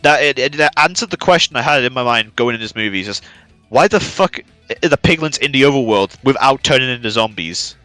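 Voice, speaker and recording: A man's voice: medium pitch, expressive, a little fast, sharp tone, no room sound, faint music behind. A man streaming, recapping in casual chat with rambling, profane storytelling.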